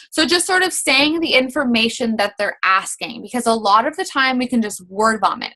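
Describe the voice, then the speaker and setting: A woman's voice: on the high side, fairly bright tone. A young woman coaching her sales team in a casual, chatty way, with many fillers, acting out sample messages.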